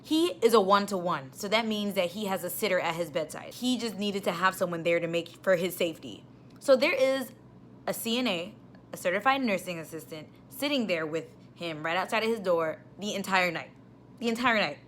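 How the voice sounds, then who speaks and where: Animated woman nurse telling a story. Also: fairly low pitch, a little fast, slight background noise. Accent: New York. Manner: animated, exasperated storytelling with rising outbursts. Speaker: ER nurse vlogger. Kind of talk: casual storytelling vlog.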